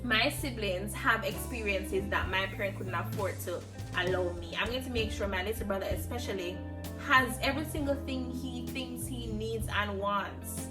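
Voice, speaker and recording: A woman's voice: mid-range voice, normal speed. A Jamaican woman in her twenties speaking earnestly in a reflective personal vlog. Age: 20s. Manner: earnest, heartfelt, emphatic. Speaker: vlogger. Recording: distant mic with music behind. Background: music.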